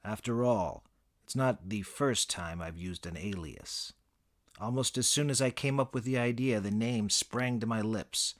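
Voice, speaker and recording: Dry deadpan guy reading a funny story, kinda low voice, bit of swagger. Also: a little slow. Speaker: narrator. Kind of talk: scripted comic narration.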